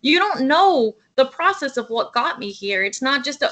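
Woman wrestler chatting in an interview, bright voice, quick animated storytelling. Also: sits high. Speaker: guest wrestler. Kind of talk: casual interview chat.

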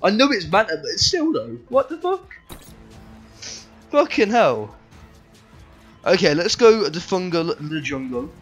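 Bantering sweary streamer lad. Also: male voice, sits high, big pitch swings, a little slow, pauses often, breathy edge, soft background music. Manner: bantering, sweary, talks to chat with laughs. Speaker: livestreamer. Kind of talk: live game streaming chat.

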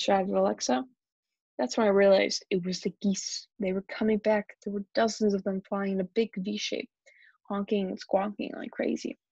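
A young adult woman reading a children's story aloud, giving the characters lively voices and shouts. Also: mid-range voice, moderate pace, gravelly, slightly rough, dry recording. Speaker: storybook reader. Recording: dry, dull lo-fi recording.

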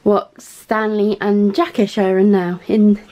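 A woman's voice: mid-range voice, little pitch movement, measured pace, mellow, dull audio. A woman, chatting casually to camera while doing chores around her family home. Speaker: vlogger, mother of four. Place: family house, indoors.

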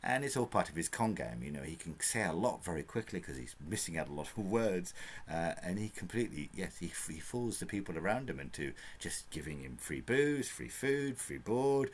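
Deep-voiced man reviewing a book. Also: big pitch swings, a little fast, a little hiss or hum. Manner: rambling, chatty, with frequent fillers and chuckles.

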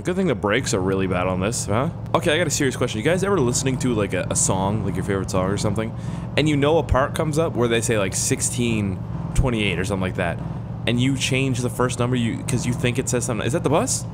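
Hoarse, excitable young gamer guy. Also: mid-range voice, fast, background noise. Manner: rambling, excitable, swears often, sudden yelling bursts. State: hoarse voice from screaming. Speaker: gaming YouTuber. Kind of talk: casual let's-play commentary.

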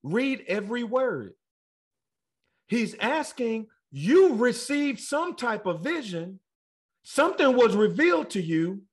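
A man teaching a Bible study, excitable and exclaiming, speaking directly to his listeners. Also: very high-pitched, slow pace, husky.

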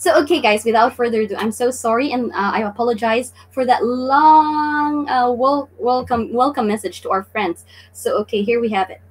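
A woman's voice: on the high side, moderate pace, few pauses, slightly rough. A woman from the Philippines hosting a casual live-streamed Japanese lesson, chatty and full of fillers. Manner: chatty, many fillers and "guys".

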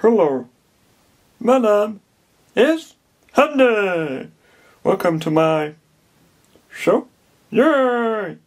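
A man voicing a small, eager hand puppet in a high, sing-song voice. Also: lively intonation, drawn-out words, pauses often, heavily acted. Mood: cheerful.

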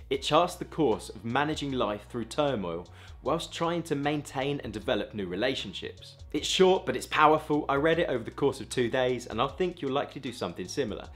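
A man talks through book picks in a chatty, enthusiastic way, his pitch bouncing up and down a lot. He speaks straight to the viewer in a scripted review. Soft music plays faintly behind him.

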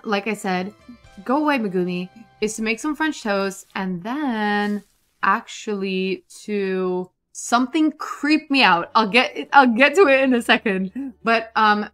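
A woman giving casual, chatty commentary over a life-simulation game, excitable and prone to repeating herself. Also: medium pitch. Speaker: gaming YouTuber. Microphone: desktop USB microphone.

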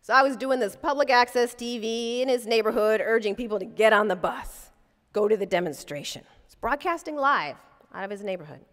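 In a lecture hall, a woman speaking as a civil rights lawyer tells a vivid personal story, acting out the voices she quotes. Her voice is on the high side, expressive and a little fast, with long reverb from the large hall.

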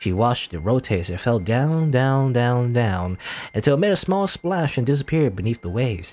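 Male gamer reading a story game aloud, animated and casual, soft music underneath. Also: mid-range voice, normal speed. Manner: casual, chuckling asides. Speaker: let's play host. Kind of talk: reading a game's text aloud with asides.

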